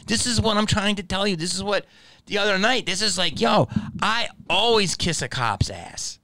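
A man's voice: high voice, animated, moderate pace, pushed and bright, no room sound. A man hosting a podcast, delivering a profane, heated and sarcastic casual rant as commentary. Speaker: podcast host.

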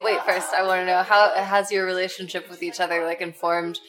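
An American woman hosts a casual chat, asking her guests questions and encouraging them along. Her voice is fairly low for a woman. Loud crowd chatter surrounds her. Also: flat delivery, brisk.

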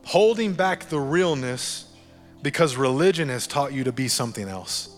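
A man preaching a sermon as pastor, animated and jokey, repeating key phrases for emphasis. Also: medium pitch, moderate pace, long reverb tail, faint music behind.

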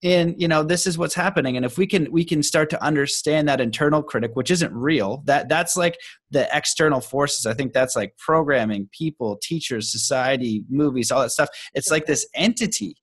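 Relaxed male podcast host. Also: a little high, slightly rough, dry recording. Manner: relaxed storyteller, slows down for emphasis. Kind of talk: casual conversation.

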